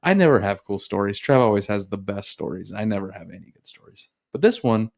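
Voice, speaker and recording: A man's voice: fairly low pitch, very animated, brisk, creaky, darkish tone. Easygoing self-deprecating podcast guy. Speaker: podcast co-host. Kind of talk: casual chat. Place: small home studio room.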